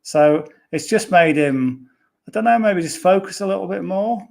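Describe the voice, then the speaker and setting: A man's voice: high voice, normal speed, creaky, darkish tone. Chatty man talking golf betting. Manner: chatty, rambling with fillers and restarts. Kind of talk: casual podcast chat.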